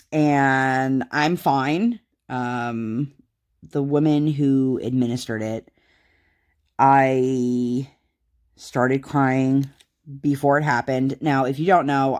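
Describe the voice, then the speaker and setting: Low-voiced woman rambling on a vlog. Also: darkish tone. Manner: rambling, many fillers. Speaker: craft vlogger. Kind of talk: casual chat.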